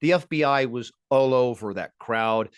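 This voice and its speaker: A man's voice: mid-range voice, normal speed, smooth, dry recording, studio quality. A man hosting a political commentary show, delivering an emphatic, indignant monologue that builds in rising bursts.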